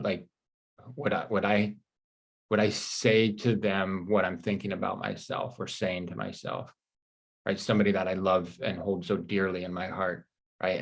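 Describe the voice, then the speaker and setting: A man giving a live life-coaching session, talking in a reassuring, conversational way and often checking in with "right?". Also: on the low side. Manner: reads viewer comments aloud.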